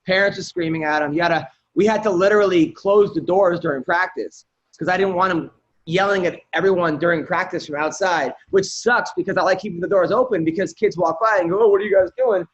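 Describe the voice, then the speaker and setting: A man hosting a casual podcast with a loose, filler-heavy way of prompting his guests. His voice sits high, and the audio is slightly dull and lo-fi. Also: brisk. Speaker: podcast host.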